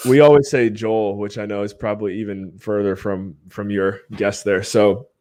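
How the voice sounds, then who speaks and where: A man's voice: on the low side, fairly even intonation, normal speed, darkish tone. A man hosting a live podcast stream, chatting casually in an upbeat way and laughing often. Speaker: podcast host.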